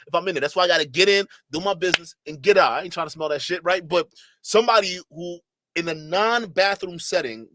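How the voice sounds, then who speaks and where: A highly animated man commenting casually for his livestream chat, using loose slang and many restarts. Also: no room sound. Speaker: streamer reacting to clips.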